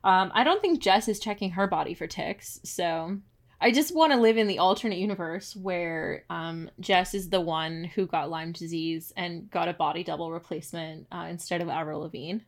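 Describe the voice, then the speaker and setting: A woman's voice: on the low side, moderate pace. Rambling woman podcast co-host. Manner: rambling, lots of "like" fillers. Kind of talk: casual recap chat.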